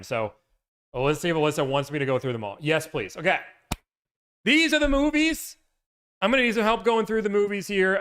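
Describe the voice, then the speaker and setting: A man's voice: on the high side, clear, resonant tone. A man hosting a livestream, reading through a list and playfully tossing in movie-quote impressions. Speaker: livestream host. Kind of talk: casual livestream chat. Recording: loud, peaking mic.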